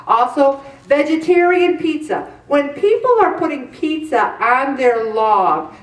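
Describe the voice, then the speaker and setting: Middle-aged woman, weight-loss host, chatty diet advice, exclamatory, higher voice, echoey room, distant from the mic. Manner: animated, exclamatory, repeats words for emphasis.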